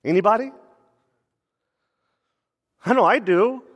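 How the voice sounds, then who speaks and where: A pastor preaching a sermon, animated, with playful asides and quick mock voices. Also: male voice, high-pitched, long reverb tail, dull audio.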